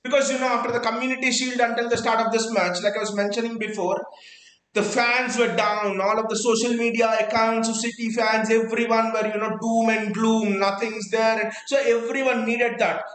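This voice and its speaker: A man hosting a live football watchalong, talking in excited bursts and repeating words as he stumbles, out of breath. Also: very high voice, moderate pace, echoey room, low-quality recording. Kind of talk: excited live fan reaction.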